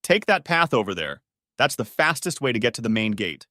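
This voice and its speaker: A man voicing a blunt, sharp-tongued young woman nurse in an audiobook story. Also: mid-range voice, big pitch swings, brisk, no room sound, studio quality. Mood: commanding. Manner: blunt and commanding.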